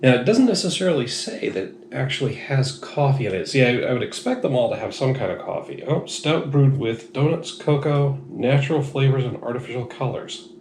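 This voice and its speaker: Casting: tipsy man, gravelly and a bit low, casual rambling reviewer, echoey room with faint noise. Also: animated, fairly quick, few pauses, a little mellow. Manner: rambling, frank, self-deprecating. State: slightly tipsy. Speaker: beer reviewer.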